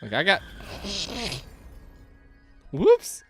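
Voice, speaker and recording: A man giving excitable let's-play commentary, yelping and laughing as things go wrong on screen. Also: fairly high pitch, very slow, husky, faint music behind. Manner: excitable, yelps and laughs at chaos. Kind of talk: game commentary.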